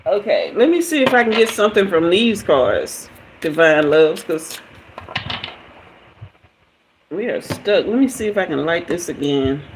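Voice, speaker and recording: A woman's voice: fairly low pitch, very animated, moderate pace, background noise. A woman doing a live tarot reading, chatty and hyper, laughing often and talking to her viewers. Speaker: tarot reader.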